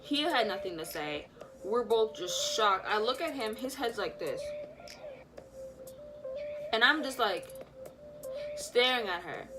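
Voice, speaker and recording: A young woman casually retelling a personal story, animated and full of fillers, acting out what people said. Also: a little high, takes it slowly, long pauses, music in the background. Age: young adult. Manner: animated, lots of fillers, acts out quotes. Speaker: vlogger.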